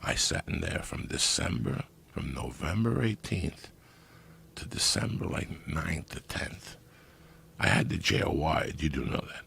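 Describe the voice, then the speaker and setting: A middle-aged man telling profane comic stories in a loud, animated way. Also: a bass voice, measured pace, vocal fry, husky. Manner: loud animated storytelling with heavy swearing. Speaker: podcast guest storyteller. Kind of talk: profane comedic storytelling.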